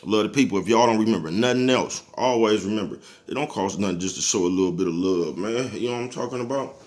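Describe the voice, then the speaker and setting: This vlogger delivers a casual motivational monologue in a low, quick, slightly mellow voice. He's laid-back and chuckles a lot, preaching in profane street talk and repeatedly asking "you know what I'm talking about?"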